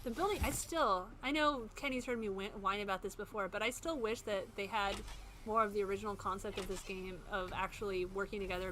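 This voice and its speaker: A woman in her thirties chatting casually while streaming a game, rambling and self-mocking with frequent laughs. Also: medium pitch. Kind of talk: casual gameplay commentary. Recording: game sound noise in the background.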